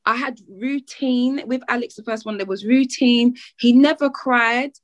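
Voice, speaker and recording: A woman's voice: a little high, measured pace, dry recording, dull audio. A woman in her thirties, a mother, co-hosting a podcast and chatting in a thoughtful, rambling way. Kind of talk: casual chat.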